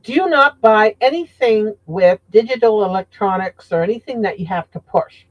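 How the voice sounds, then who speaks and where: A woman's voice: mid-range voice, animated, moderate pace, lo-fi sound, slight background noise. A woman guest in a casual chat who rambles and hunts for her words.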